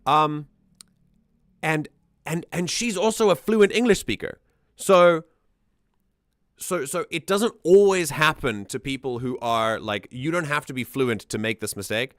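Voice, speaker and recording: A man's voice: a little high, a little slow, a bit bright, dry recording, clean studio sound. Enthusiastic man rambling about music. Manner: enthusiastic, rambling, frequent restarts. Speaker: streamer doing music analysis. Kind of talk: casual livestream commentary.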